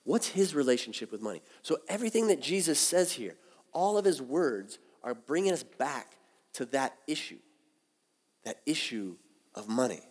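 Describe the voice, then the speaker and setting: A man's voice: mid-range voice, sing-song, normal speed, darkish tone, breathy edge. A man preaching a sermon as pastor, talking conversationally and with animation. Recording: long hall reverb.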